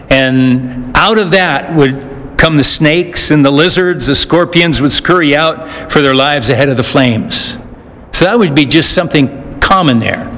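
A man preaching a sermon as pastor, earnest, pausing often with fillers and restarts. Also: on the high side, a bit bright. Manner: earnest, with frequent "uh" pauses and restarts. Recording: echoey hall, faint noise.

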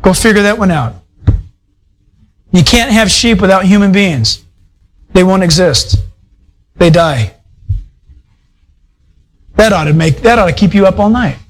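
A man's voice: high-pitched, lively intonation, unhurried, pauses often, low-quality recording. A male pastor preaching a sermon in a conversational, folksy way, full of asides to his congregation. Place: church fellowship hall.

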